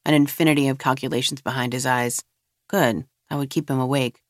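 A narrator reading a novel aloud in a measured, even storytelling manner. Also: medium pitch, no echo, clean studio sound.

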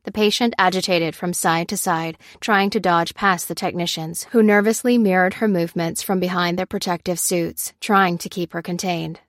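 A woman reads a novel chapter aloud in a steady, measured way. Her voice sits on the lower side and the recording is dry and close, with no room sound. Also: dry recording. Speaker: audiobook narrator. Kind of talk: scripted narration.

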